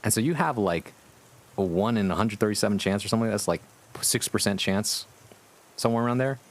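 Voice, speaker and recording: A man hosting a casual live stream as a VTuber, with a somewhat low voice. He talks to his viewers in an amused, rambling way and swears freely. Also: fairly quick.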